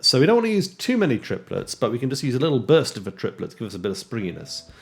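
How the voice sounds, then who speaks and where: A man teaching jazz guitar in a relaxed way, counting beats aloud and scatting rhythms. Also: mid-range voice, very fast, creaky. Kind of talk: casual instructional talk with counting and scatting. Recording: guitar playing underneath speech. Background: loud guitar music.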